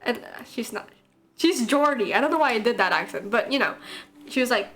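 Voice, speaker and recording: A woman's voice: on the high side, lively intonation, brisk, fairly bright tone. A young woman streaming live, chatting casually and rambling while she draws, answering chat and laughing often. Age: young adult.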